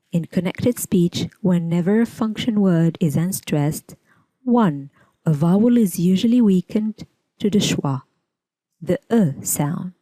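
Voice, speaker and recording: Low, mellow-voiced woman teaching English. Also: no echo. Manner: measured, deliberate, enunciating example words slowly. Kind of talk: scripted lesson narration.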